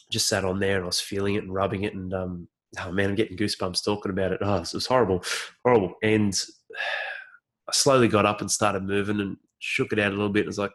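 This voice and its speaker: A man's voice: lowish voice, a bit bright. A man in his thirties with an Australian accent, telling a personal story and acting out his own past reactions. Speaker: vlogger.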